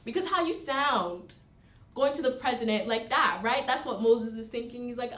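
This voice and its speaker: A woman's voice: a little high, animated, normal speed, a bit bright. A woman leading an informal Bible study in a conversational way, reading verses aloud and checking in with her listeners. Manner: conversational, frequent tag questions, reads scripture aloud. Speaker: Bible teacher. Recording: roomy, distant mic.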